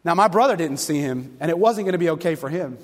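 A man preaching a sermon to a congregation, telling stories with animated, fervent delivery. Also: fairly high pitch, quick pace. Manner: animated storytelling, rising to loud fervent passages. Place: church sanctuary. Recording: long hall reverb.

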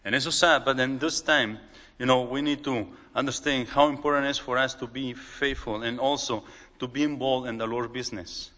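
A man with a Mexican accent, a native Spanish speaker, preaching a sermon in halting English, often repeating and restarting words. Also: medium pitch, steady tone, sharp tone. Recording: long hall reverb.

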